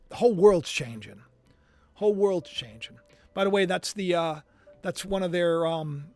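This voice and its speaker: A man's voice: high-pitched, no room sound. A man hosting his own channel, talking casually in a rambling way and often repeating himself. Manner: rambling, repeats phrases, chatty. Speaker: channel host. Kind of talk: casual commentary livestream.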